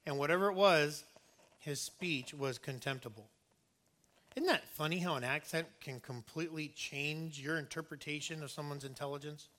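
Pastor, male, earnest sermon delivery, bright and fairly high voice. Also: normal speed. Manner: earnest, emphatic, conversational, with restarts.

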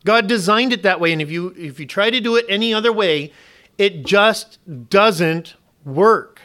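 A man's voice: sits high, a little slow, bright, forceful tone. A man preaching a sermon, emphatic and questioning the congregation, often restarting and repeating words.

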